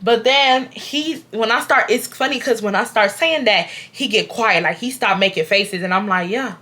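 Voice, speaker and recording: Bright-voiced young woman telling a storytime. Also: a little high, normal speed. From Houston, Texas. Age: 20s. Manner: animated, addresses viewers as "y'all", acts out quotes. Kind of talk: casual storytime to camera.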